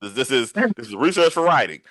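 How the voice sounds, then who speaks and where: A man hosting a casual interview podcast, animated and laughing easily, often repeating his phrases. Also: mid-range voice, a little fast, dry recording. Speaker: podcast host and writer.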